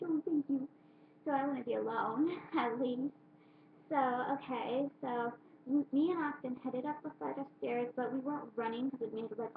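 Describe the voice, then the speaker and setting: High-voiced girl rambling through a story. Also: slight background noise. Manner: rambling with constant "like" fillers and restarts. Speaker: vlogger. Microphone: webcam. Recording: thin phone-like webcam audio in an echoey room.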